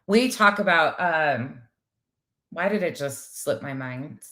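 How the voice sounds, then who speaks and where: A middle-aged woman co-hosting a casual livestream talk show, blunt, animated and quick to swear as she reads viewer comments. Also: low voice.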